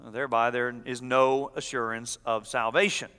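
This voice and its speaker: A man's voice: mid-range voice, level tone, normal speed, pushed and bright, clear, resonant tone, big-room sound. A man preaching an expository sermon as pastor, teaching with emphatic delivery.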